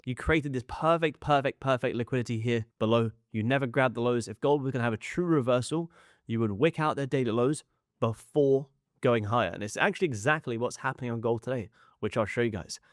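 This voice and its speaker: A man's voice: medium pitch, brisk, no room sound, studio quality. A young man coaching as he walks through charts. He asks himself rhetorical questions, answers in short punchy repeats, and doubles up words for emphasis. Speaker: trading educator. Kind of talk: chart walkthrough lesson.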